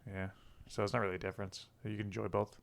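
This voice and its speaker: A man's voice: fairly low pitch, flat delivery, fast talker, vocal fry. A young man co-hosting a casual gaming podcast, joking and laughing as he rambles. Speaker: podcast co-host.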